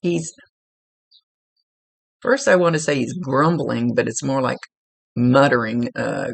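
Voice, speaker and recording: A woman's voice: very deep voice, takes it slowly, gravelly, dry recording. A woman working as a psychic medium, giving a spirit reading to a client in a rambling way, searching for words and restarting her sentences.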